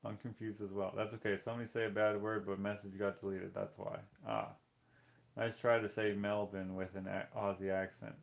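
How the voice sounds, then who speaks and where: A man's voice: on the low side, little pitch movement, a little fast, vocal fry. A man from Canada painting on a live stream, reading viewer comments aloud and chatting in a rambling, easygoing way that keeps interrupting itself.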